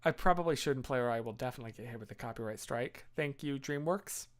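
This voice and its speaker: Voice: medium pitch, fast. A streamer in their thirties chatting casually on a live stream, reading chat and rambling with many fillers and restarts.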